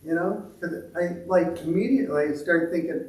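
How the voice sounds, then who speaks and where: A man leading a meditation group, talking in a halting, self-deprecating way with many restarts. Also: sits high, a little mellow, a little hiss or hum. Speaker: meditation leader. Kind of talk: reflective talk to a meditation group. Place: meditation temple hall. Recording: echoey room from a distant mic.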